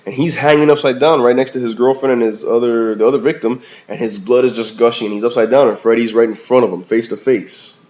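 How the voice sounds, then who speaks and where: A man's voice: mid-range voice, fairly even intonation, quick pace, hardly any pauses, a little mellow. Slangy man reviewing a movie, lo-fi. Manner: slangy, rambling, peppers talk with "man" and "bro". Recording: slightly dull lo-fi recording.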